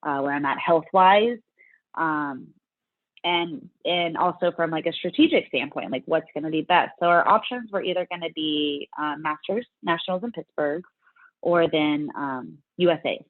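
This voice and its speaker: Speaking at a normal speed in a low voice without echo, a middle-aged Southern woman from Louisiana chats as an interview guest. She competes in fitness and dramatizes her earlier reactions in quoted lines during the casual conversation, heard over a dry, tinny, phone-like connection.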